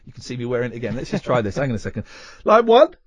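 A man's voice: medium pitch, sing-song, rapid-fire, husky, no room sound. A man hosting a late-night radio phone-in, jokey and rambling, bantering with callers. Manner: jokey, rambling, laughs often. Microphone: studio mic.

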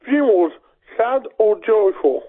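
A man's voice: sits high, animated, unhurried. A man with a Brummie accent, a radio co-host calling in over the phone and talking in a dry, matter-of-fact way. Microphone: phone line. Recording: tinny phone line.

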